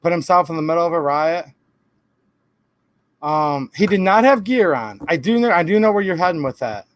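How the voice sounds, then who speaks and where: A man's voice: a little high, expressive, normal speed. A man hosting a live stream, answering viewer comments in a rambling, emphatic way with defensive asides. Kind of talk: casual live-stream talk.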